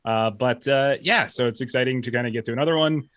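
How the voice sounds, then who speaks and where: Male player, mid-pitch, dry close sound, rambling. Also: quick pace, a bit bright, dry recording. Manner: rambling, self-deprecating, fillers. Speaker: player and streamer. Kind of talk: casual self-introduction.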